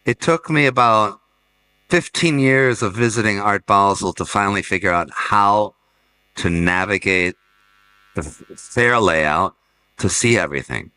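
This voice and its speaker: A man's voice: lowish voice, animated, measured pace, sharp tone, clear, resonant tone, poor audio. A middle-aged man, a gallerist and fair director, telling rambling stories in a casual panel talk and restarting his sentences often. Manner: rambling anecdotal storyteller with many restarts.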